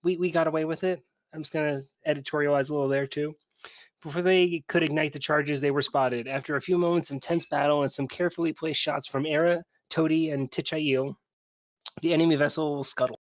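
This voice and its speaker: A man with a slightly high voice reads a game recap aloud and drops in joking asides. The sound is dry and close, over online voice chat. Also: steady tone, brisk, no echo. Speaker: player. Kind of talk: casual chat, reading a session recap.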